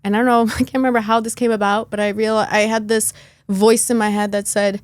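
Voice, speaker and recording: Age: 30s. Sex: woman. Role: podcast guest. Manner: animated, laughing storyteller. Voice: medium pitch. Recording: dry, close mic. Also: fairly quick, no echo. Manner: animated, laughs often, acts out her own past thoughts. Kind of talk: casual conversational storytelling.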